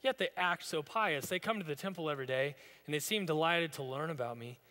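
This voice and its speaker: Male pastor, bright, forceful tone, slightly higher voice, casual storytelling sermon, long church reverb. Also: a little fast. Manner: conversational, storytelling preaching. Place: church sanctuary.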